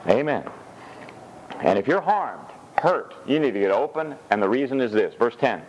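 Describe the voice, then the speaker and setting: A man preaching a sermon in an animated, joking way. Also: dull audio, a little hiss or hum. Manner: animated, jokey preaching with swings of pitch. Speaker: pastor.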